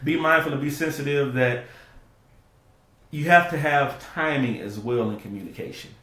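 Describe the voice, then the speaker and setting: A man's voice: medium pitch, moderate pace, pushed and bright. A man co-hosting a casual advice talk with his wife, earnest, often restarting his sentences. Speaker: co-host, husband. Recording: echoey room.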